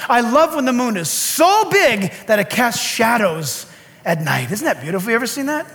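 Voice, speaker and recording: A preacher with a very high, bright voice delivers a lively sermon. He jokes and makes sarcastic asides, and his pitch leaps around as he talks. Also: a little fast, slight background noise. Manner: animated and joking, sarcastic asides. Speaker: pastor.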